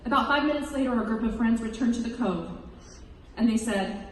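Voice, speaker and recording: A woman in her thirties speaks with a somewhat high voice, giving an earnest, emotional account to an audience. She sounds distant from the mic, her words ringing through a big echoey hall with a long reverb tail and a faint hiss underneath. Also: a little fast. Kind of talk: personal testimony speech.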